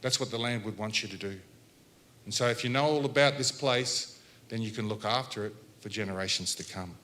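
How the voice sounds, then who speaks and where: An Australian man giving a Welcome to Country at a health symposium, talking in a relaxed, chatty way with jokes and laughs between points. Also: fairly low pitch, fairly quick. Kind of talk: relaxed public address with storytelling.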